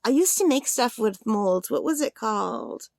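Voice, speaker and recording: A woman's voice: on the high side, animated, normal speed, gravelly, no echo, clean studio sound. A woman hosting a craft channel, unboxing a gift in a casual vlog, giggly and gushing, rambling, overtired on little sleep.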